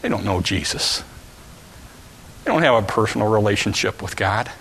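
A man preaching a sermon, telling a story with volunteers and shouting out the characters' calls. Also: lowish voice, lively intonation, moderate pace, slight background noise. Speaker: pastor. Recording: long hall reverb.

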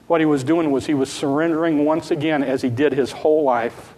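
Earnest preacher in a reverberant hall. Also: male voice, a little high, fairly even intonation, fairly quick, hardly any pauses, darkish tone, a little hiss or hum. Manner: earnest, repeats phrases, acts out childlike pleading prayers. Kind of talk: sermon. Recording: long reverb of a large hall.

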